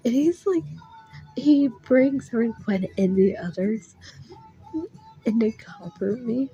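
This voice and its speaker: A woman's voice: fairly high pitch, slow pace, long pauses, dark tone, dull audio, soft background music. A young woman telling a story to camera in a casual, emotional way, near tears and full of fillers, recorded on a phone. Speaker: vlogger.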